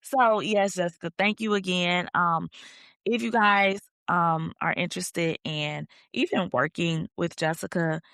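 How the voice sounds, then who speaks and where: A woman's voice: lowish voice, fairly even intonation, measured pace, fairly bright tone, clear, resonant tone, no echo, clean studio sound. A woman hosting a faith podcast, chatting casually and animatedly, acting out her own thoughts as she tells stories. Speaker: podcast host.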